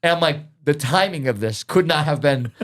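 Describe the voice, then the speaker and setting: A man with a fairly high voice tells a story from his teaching job in an animated, casual way. He keeps jumping into other people's lines with a lifted voice. It sounds like relaxed podcast chat between colleagues. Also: brisk.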